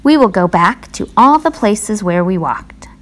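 A woman voicing a calm, kindly male frog who reassures his friend in a storybook. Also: mid-range voice, unhurried, slight background noise. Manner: reassuring and cheerful.

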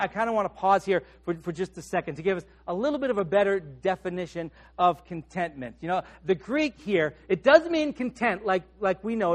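A male pastor preaching a sermon, dropping soft and low at the ends of phrases and lifting on questions.

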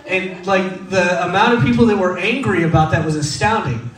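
In an echoey room with the mic far off, a high-voiced Texas man tells funny stories as a conversational sermon. He talks at a normal speed, jokes at his own expense, and uses lots of filler words.

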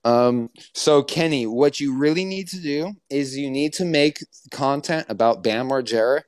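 A man's voice: medium pitch, normal speed, dry recording. A man hosting a casual livestream chat, teasing and ranting in mock outrage and swearing freely. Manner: playfully indignant, ranting, swearing. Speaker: stream host.

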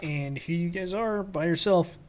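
Halting man narrating a tabletop game. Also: high voice, darkish tone. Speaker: game master.

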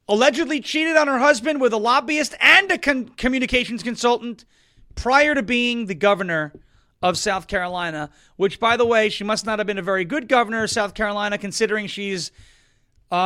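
A man from Long Island, New York, hosting a political talk show with wisecracking, sarcastic commentary and bursts of loud emphasis. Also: high voice. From Suffolk County, New York, US.

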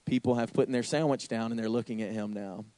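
Young man preaching a lively sermon. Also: fairly quick, no room sound. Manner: lively storyteller, sudden high exclamations. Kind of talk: sermon with anecdote.

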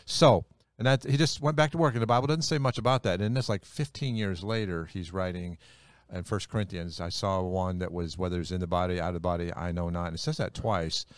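Deep-voiced folksy pastor. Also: male voice, steady tone, a little fast, no room sound. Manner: folksy, joking, rambling with restarts. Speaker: pastor and co-host. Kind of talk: casual podcast chat.

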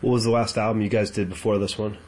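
Chatty low-voiced podcast guest man. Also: flat delivery, quick pace, darkish tone, husky. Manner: chatty, hesitant. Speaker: guest, comics artist. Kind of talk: casual podcast chat.

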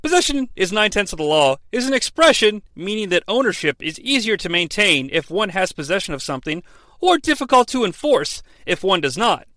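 A man's voice: high-pitched, very animated, fairly quick, sharp tone, no echo. A man hosting a comedic recap, sarcastic and profane, dropping into exaggerated voices for quotes. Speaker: podcast host recapping wrestling.

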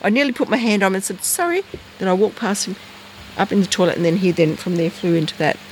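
Middle-aged woman, storyteller, lively and expressive, high squeaky jumps for quoted voices, faint noise outdoors. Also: fast, rough recording. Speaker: guest storyteller. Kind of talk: casual outdoor chat. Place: outdoors at night in bush.

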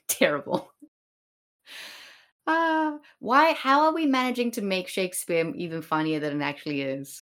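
Slow, giggly rambling woman podcaster. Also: mid-range voice, a bit bright. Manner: giggly, rambling, many fillers. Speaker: podcast co-host. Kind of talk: casual comedic chat about Shakespeare.

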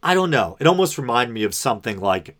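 A man's voice: medium pitch, very animated, fast, fairly bright tone. A man hosting a podcast, telling a personal story in an unscripted, rambling monologue full of fillers and asides. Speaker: podcast host.

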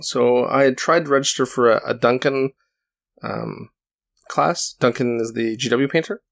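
A man with a gravelly, creaky voice talks in a loose, rambling way. He pokes fun at himself and often restarts his sentences. It sounds like a casual chat between friends. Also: medium pitch, normal speed. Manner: rambling, self-deprecating, many restarts. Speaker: podcast co-host.

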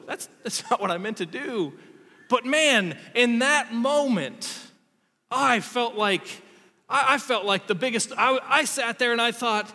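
A man's voice: extremely high pitch, unhurried, pushed and bright, in a large hall. A man in his thirties preaching a sermon, telling a story about himself and acting out the quotes in it. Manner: storytelling, self-deprecating, acts out quotes. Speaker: pastor.

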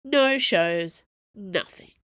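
A woman's voice: mid-range voice, animated, drawn-out words, a bit bright, clear, resonant tone, no room sound, studio quality. A woman voicing a sulky teenage girl from a traveling circus, whiny and complaining. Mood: grumbling.

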